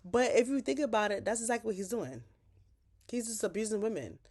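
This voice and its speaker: A woman casually recapping a TV episode, talking in an animated, slangy, profane way. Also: on the high side, a little fast. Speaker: TV show recapper.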